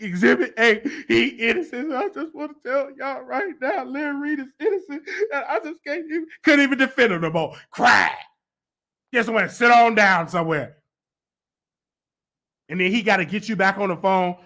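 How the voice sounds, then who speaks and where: A man hosting a gossip commentary show, with a high, sharp and tense voice. He talks in a heated, sarcastic way and mocks the people he discusses. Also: moderate pace, vocal fry. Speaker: host.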